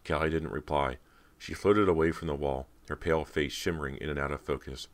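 A man with an extremely deep voice narrates a horror audiobook. His reading is measured and dramatic. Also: fairly even intonation.

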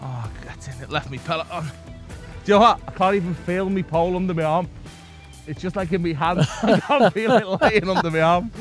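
A man's voice: high voice, fairly quick, faint music behind. An English man fishing outdoors in a challenge, overheated and out of breath, complaining with wry humor. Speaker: angler and co-host. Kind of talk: banter while fishing outdoors.

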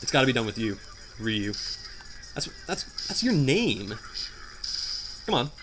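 A young man giving jokey, animated commentary while playing a hard video game, often shouting in frustration. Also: medium pitch, unhurried, noisy background. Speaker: gameplay commentator. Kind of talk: let's play commentary.

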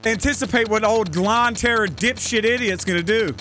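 A man giving live gameplay commentary, exasperated and swearing, yelling at the game as he plays. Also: high-pitched, normal speed, faint music behind, poor audio. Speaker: gaming channel host.

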